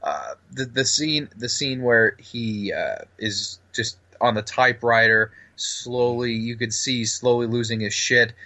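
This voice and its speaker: A man's voice: medium pitch, measured pace, hardly any pauses, sharp tone. A man co-hosting a casual podcast about movies, eagerly acting out favorite lines. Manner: enthusiastic, acts out movie lines. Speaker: podcast co-host.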